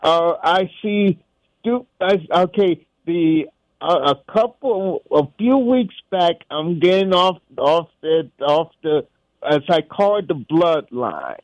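Slow talking guy calling the radio show, rambles and restarts a lot, dry close sound. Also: high-pitched, no echo, poor audio. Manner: rambling, halting, with many restarts. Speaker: caller. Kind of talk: phone-in chat.

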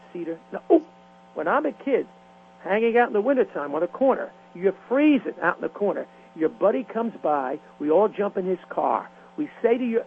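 An older man, a veteran radio disc jockey telling stories in an interview with lively, rhyming patter. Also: high voice. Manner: animated rhythmic storytelling, rhyming patter. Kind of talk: storytelling interview. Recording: tinny phone line with faint hum.

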